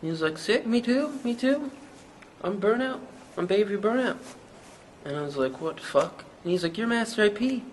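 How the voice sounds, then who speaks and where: An actor with a Newfoundland accent playing a young small-town rapper who rambles through a hazy, profane story in an interview. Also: male voice, high voice, lively intonation, moderate pace, a little hiss or hum, low-quality recording. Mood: rambling. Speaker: mockumentary interviewee.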